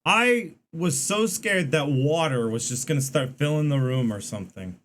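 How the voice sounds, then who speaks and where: A man's voice: fairly high pitch, expressive, normal speed. A man giving casual, rambling game commentary to his stream chat, full of fillers and restarts.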